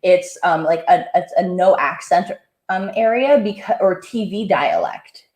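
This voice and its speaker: A woman's voice: lowish voice, big pitch swings, measured pace, darkish tone, reverberant. A woman hosting a comedy interview, chatty and giggly, full of "like" and fillers. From Southern Ontario, Canada. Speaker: comedian host. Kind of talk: casual interview chat.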